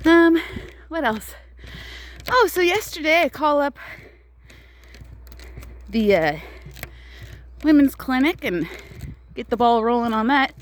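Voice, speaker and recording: A woman's voice: sits high, animated, slow pace, pauses often, slight background noise. A woman casually telling a personal story to camera while walking outdoors on an icy path, chatty and laughing often between phrases. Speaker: vlogger.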